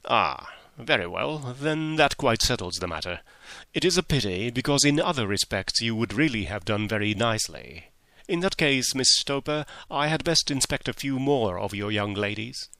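A man's voice: medium pitch, expressive, normal speed, bright, forceful tone, no room sound. A man voicing a jovial, pushy middle-aged male employer who keeps coaxing and repeating himself in a storybook reading. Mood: insistent.

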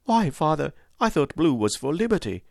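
A man's voice: fairly high pitch, sing-song, normal speed, creaky, no echo, studio quality, voice pushed up. A man playing an eager young boy. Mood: earnest. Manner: eager, boyish. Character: spirited young boy, protective and indignant.

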